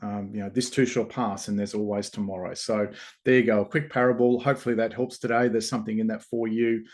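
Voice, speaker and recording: Male host, low-pitched, casual storytelling, loose rambling delivery. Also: fast. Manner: relaxed, rambling, with fillers and restarts.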